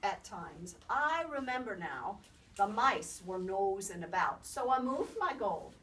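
A woman's voice: medium pitch, very animated, slow, a bit bright. A woman voicing a sly little male leprechaun who grumbles and shrieks when upset, in a told storybook tale. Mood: grumbling. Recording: distant mic, faint background noise.

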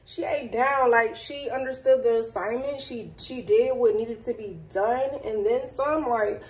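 A young woman vlogging in a chatty, excitable, slangy way, talking straight to her phone camera. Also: on the high side, moderate pace, few pauses. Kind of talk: casual chat to camera.

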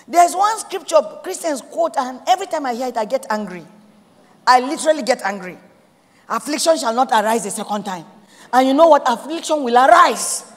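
A woman's voice: high voice, in a large hall. A woman pastor with a Nigerian accent preaching a sermon, emphatic and repetitive, acting out prayers in quotes.

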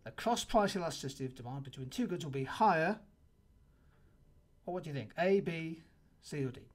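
A man's voice: a little high, animated, brisk. A man teaching an economics revision lesson, walking through multiple choice answers in an explanatory manner and stressing the key points. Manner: explanatory, emphatic on key answers, occasional restarts.

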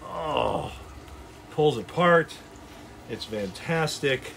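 A man's voice: fairly high pitch, animated, drawn-out words, creaky, fairly bright tone, slight background noise. A man hosting a casual cooking livestream from his backyard, upbeat and jokey, chatting with viewers as he cooks. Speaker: grill show host. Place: backyard grilling area, outdoors.

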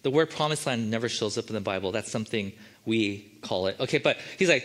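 A man's voice: lowish voice, animated, fast talker, a bit bright. A man preaching a sermon as the church's pastor, in a casual, joking and conversational way.

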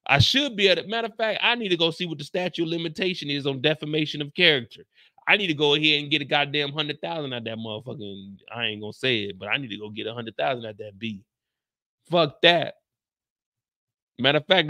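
A man recapping a TV episode in casual storytelling style, animated and profane, loudly acting out quotes. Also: on the high side, quick pace, no echo, clean studio sound. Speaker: recap host.

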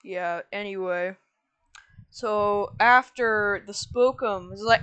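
A woman's voice: mid-range voice, a bit bright, slight background noise, poor audio. A woman telling a story in rambling casual chat, often restarting with "anyway" and snapping back at interruptions. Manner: rambling, lots of "anyway", quick to snap back.

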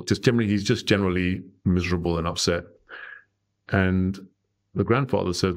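Middle-aged male podcast guest, low voice, chatty storyteller. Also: a little fast. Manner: animated storyteller, tags lines with "right?". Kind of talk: conversational storytelling.

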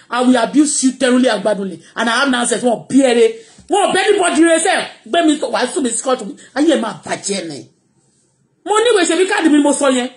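A Nigerian woman with a Yoruba accent hosting her own live stream, ranting excitably and mixing English with Yoruba. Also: high voice, fast talker. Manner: excitable, switching between English and Yoruba, bursts of shouting and laughter. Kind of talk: animated live-stream rant.

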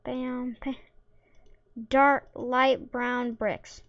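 High-voiced woman narrating her gameplay. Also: little pitch movement, drawn-out words, dry recording, dull audio. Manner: playful, silly sound effects and jokes. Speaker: gamer. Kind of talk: casual gameplay commentary.

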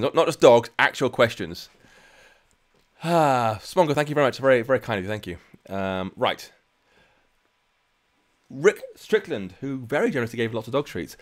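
A man hosting a live coding stream from home, chatting casually and answering viewer questions with plenty of ums. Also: mid-range voice. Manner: chatty and relaxed, many ums and restarts.

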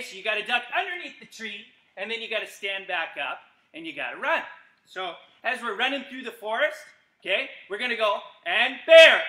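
A middle-aged man, a gymnastics coach leading a live kids' exercise class from an empty gym, energetic and calling out commands with playful yells. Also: sits high. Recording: echoey gym.

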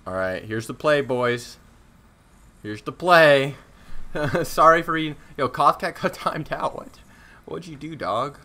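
Here a young man with a fairly high, slow voice comments live on the shooter game he's streaming. He talks casually with his audience, cracks jokes at his own expense, drops slang, and gets worked up whenever the action gets tense.

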